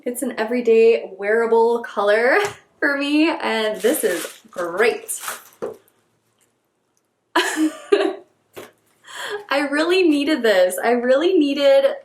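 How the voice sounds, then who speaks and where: A woman beauty vlogger doing an excited unboxing chat, gushing and gasping as she repeats her delight. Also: fairly high pitch, roomy sound, a little hiss or hum.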